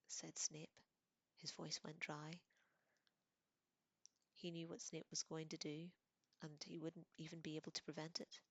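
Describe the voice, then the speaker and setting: A woman reading a novel aloud dramatically, dropping into hushed whispers for tense passages. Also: low-pitched, little pitch movement, unhurried, pauses often, no echo. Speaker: reader.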